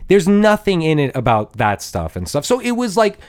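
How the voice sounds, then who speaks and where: Podcast co-host, male, slightly high voice, rambling, stop-start delivery. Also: wildly swooping pitch, clean tone, no room sound, studio quality. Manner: rambling, halting, lots of restarts and fillers. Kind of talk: casual chat.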